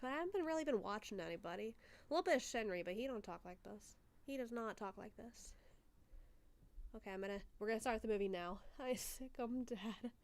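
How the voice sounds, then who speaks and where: A woman's voice: on the high side, lively intonation, fairly quick, a little mellow. A sick, congested woman chatting casually on a livestream, giggly and joking crudely. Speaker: streamer hosting a movie watchalong.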